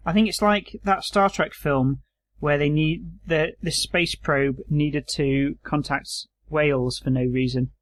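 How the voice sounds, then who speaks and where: A man's voice: fairly high pitch, fairly even intonation, measured pace. A man co-hosting a podcast, chatting casually and joking, sometimes reading text aloud plainly. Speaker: podcast co-host. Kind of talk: casual chat.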